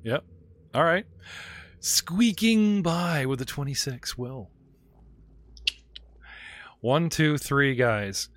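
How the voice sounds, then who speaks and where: A man serving as game master for a tabletop role-playing session, describing scenes and asking for rolls. He is animated, laughs easily, and drops into quick voices for minor characters. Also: on the high side. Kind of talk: narrating a tabletop game over video call. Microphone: video call.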